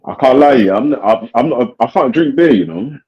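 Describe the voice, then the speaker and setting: A man in casual, slangy, animated podcast chat. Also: medium pitch, moderate pace. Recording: dull lo-fi recording.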